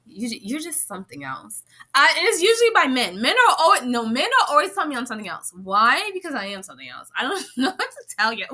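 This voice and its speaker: A young woman talking casually to camera in a vlog, animated and swearing freely, often laughing and slipping into playful voices. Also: medium pitch. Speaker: vlogger.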